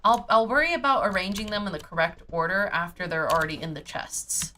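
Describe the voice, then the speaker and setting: A woman speaks fairly quickly with few pauses, her fairly low voice sounding pushed and bright. At her home streaming setup she plays a cozy farming game, keeping up goofy, casual chatter to herself as she hums and scats through sorting her items.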